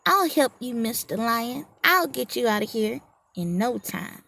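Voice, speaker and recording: A woman's voice: a little high, very animated, measured pace, gravelly, fairly bright tone, full character voice. A woman voicing a tiny, frightened male mouse in a storybook fable, pleading and making earnest promises. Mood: eager.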